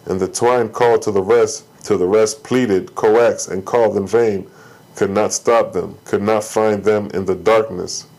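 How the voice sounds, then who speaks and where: A man reading an archaic scripture aloud in a slow, measured, solemn way. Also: lowish voice, fairly even intonation, a little mellow, rough recording. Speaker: scripture reader.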